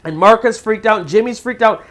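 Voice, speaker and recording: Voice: medium pitch, brisk, fairly bright tone. A storytelling channel host narrating a true scary story in a casual, conversational way with fillers.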